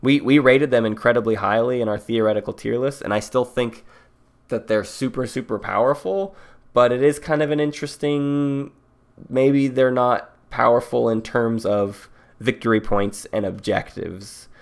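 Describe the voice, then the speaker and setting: A man's voice: mid-range voice, moderate pace, creaky. A man co-hosting a casual board game podcast, rambling through strategy with a joking manner. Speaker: podcast co-host.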